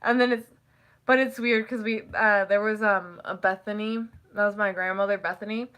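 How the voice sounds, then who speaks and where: A young woman chatting casually to camera, rambling and giggling, who acts out family quotes in high voices. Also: steady tone, moderate pace, a bit bright, smooth. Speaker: vlogger. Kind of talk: casual chat.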